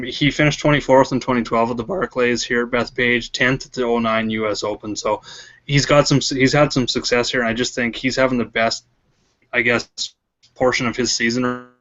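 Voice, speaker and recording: A man's voice: medium pitch, fairly bright tone. A man giving stat-heavy, offhand golf picks as a guest in a casual chat over an online call. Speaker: guest analyst. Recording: dull lo-fi online call audio.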